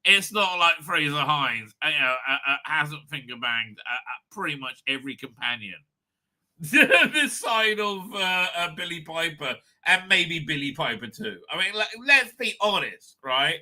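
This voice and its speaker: A crude, rambling man hosts his own live stream, laughing often at his own jokes. His voice sits fairly high and sounds sharply bright. His pitch leaps around animatedly as he talks. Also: very animated, measured pace.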